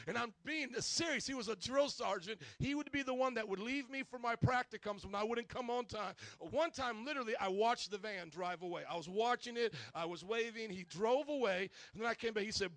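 Male pastor, sermon, lively storyteller, gravelly tone. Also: high-pitched, fairly quick, few pauses, no echo. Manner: storytelling, animated, acts out quotes.

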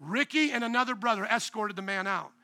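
A man's voice: high voice, expressive, brisk, pushed and bright, dry recording. A man, a pastor, preaching a sermon in an emphatic, conversational way and often asking the congregation questions.

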